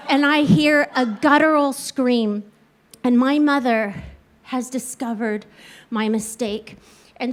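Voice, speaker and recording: High-voiced woman telling a comic story. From Kansas, USA. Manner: animated, acts out quoted voices, swings between loud and hushed. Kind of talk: stand-up storytelling on stage.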